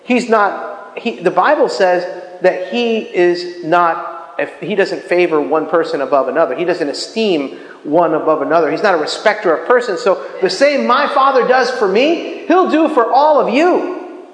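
A middle-aged man preaching a chatty, animated sermon with frequent jokes and laughter, like a pastor teaching his congregation. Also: high-pitched, moderate pace, reverberant, long reverb tail, rough recording.

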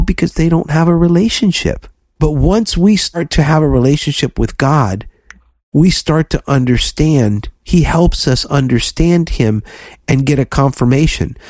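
A man co-hosting a faith podcast, preaching fervently and telling lively stories to his listeners. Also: fairly high pitch, dry recording, clean studio sound. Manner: fervent, preachy, animated storytelling. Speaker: podcast co-host.

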